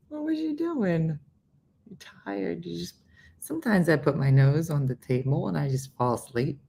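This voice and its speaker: Animated low-voiced woman host telling a story. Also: normal speed, creaky, breathy edge. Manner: animated storyteller, acts out quotes, laughs often, drops to whispers. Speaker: morning show host. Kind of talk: casual storytelling chat.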